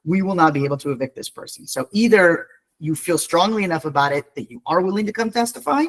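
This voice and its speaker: A man's voice: a little high, expressive, fast talker, rough recording. A man, an eviction attorney, speaking on a video call in a blunt, wry, conversational way during a training webinar.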